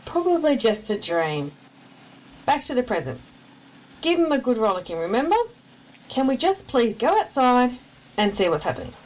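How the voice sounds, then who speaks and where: A woman's voice: fairly high pitch, highs cut off. An actress with an Australian accent playing a spirited, blunt young woman in an audio drama. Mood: determined. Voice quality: brisk, bossy, lively. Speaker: companion character in an audio drama.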